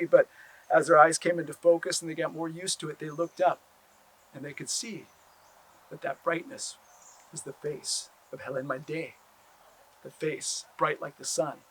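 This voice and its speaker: A man tells a traditional tale aloud, stretching and repeating phrases for effect. His voice is husky and sits somewhat high, and he swings between quiet and loud. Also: rough recording. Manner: animated, repetitive, drawn-out phrasing. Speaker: storyteller. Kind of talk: oral storytelling.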